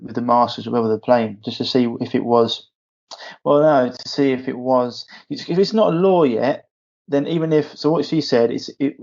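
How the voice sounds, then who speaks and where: Gravelly podcast host. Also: male voice, medium pitch, a little mellow. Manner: rambling, restarts often. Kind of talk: casual interview chat. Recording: dull lo-fi podcast audio.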